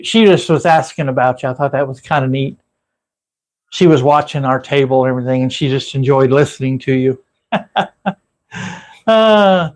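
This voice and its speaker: Rambling man chatting on a livestream. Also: on the high side. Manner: rambling, friendly, talks straight to viewers by name. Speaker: livestream host. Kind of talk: casual livestream chat with viewers.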